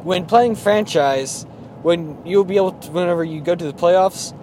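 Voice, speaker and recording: A young man hosting a casual sports podcast, chatty and joking, with animated rants. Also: high-pitched, normal speed, noisy background. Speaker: podcast host.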